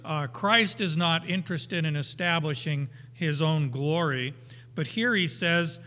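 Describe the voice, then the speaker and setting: An older man teaches from scripture at a slow, deliberate pace, his voice bright and a touch high for a man. He mixes homely stories with emphatic readings of the verses. A long reverb trails each phrase, as if he is speaking in a large hall. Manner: folksy, unhurried, with anecdotes and chuckles. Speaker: Bible teacher.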